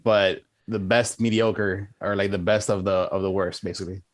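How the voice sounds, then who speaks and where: A man's voice: on the low side, fairly even intonation, moderate pace, no room sound. A man co-hosting a podcast, rambling and laughing as he talks over a movie. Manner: giggly, rambling with restarts. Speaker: podcast co-host. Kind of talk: casual movie review chat.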